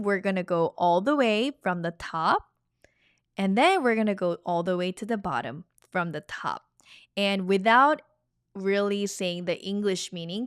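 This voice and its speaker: A woman's voice: medium pitch, clear, resonant tone, dry recording, studio quality. A woman teaching a language shadowing lesson, modeling phrases with exaggerated intonation.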